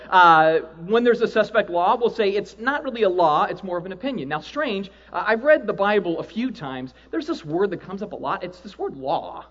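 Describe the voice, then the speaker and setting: A man preaching a sermon to a live audience, animated, acting out quoted voices and often asking "right?". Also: high-pitched, lo-fi sound. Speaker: pastor.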